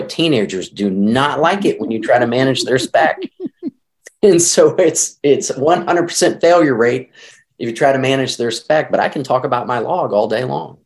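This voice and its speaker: A middle-aged man, a marriage counselor, explaining his ideas in an animated, conversational podcast interview. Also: mid-range voice.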